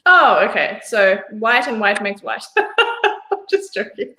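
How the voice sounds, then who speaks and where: A woman's voice: medium pitch, big pitch swings, takes it slowly, pushed and bright, rough recording. A woman from Australia hosting a casual live stream interview, chatty, with many fillers and frequent laughter.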